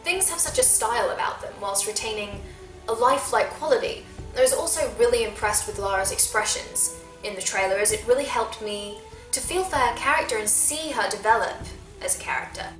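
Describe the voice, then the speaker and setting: A chatty woman vlogger with a slightly high voice, talking to camera in a casual, self-mocking way. Her voice rings in an echoey room. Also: fairly quick, a bit bright, faint music behind. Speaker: gaming vlogger. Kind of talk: casual video commentary.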